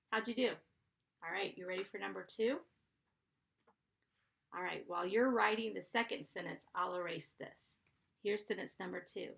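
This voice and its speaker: A woman's voice: mid-range voice, vocal fry, fairly bright tone. A woman teaching a first grade class, dictating sentences and patiently sounding out letters and blends.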